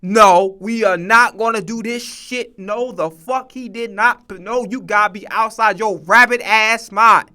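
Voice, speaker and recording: A man's voice: high-pitched, measured pace, few pauses, pushed and bright, clear, resonant tone. A man streaming his reactions to a sports talk show, heated and profane, who swears a lot and repeats his points for emphasis. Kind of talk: profane casual reaction commentary.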